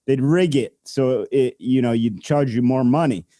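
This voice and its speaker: Man, podcast co-host, casual chat, rambling, filler words, mid-pitched voice. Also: moderate pace, warm tone, dry recording, clean studio sound.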